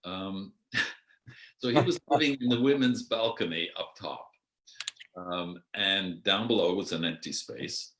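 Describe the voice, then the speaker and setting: An older Canadian man with a very low, deep voice tells long stories about his life in theatre, pausing often with ums and restarting his sentences. He talks slowly over a video call and now and then slips into other people's voices. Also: a bit bright, slight background noise. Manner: unhurried and hesitant, with many ums and restarts, mimicking voices in anecdotes. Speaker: outgoing artistic director telling his theatre life. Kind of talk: rambling spoken memoir.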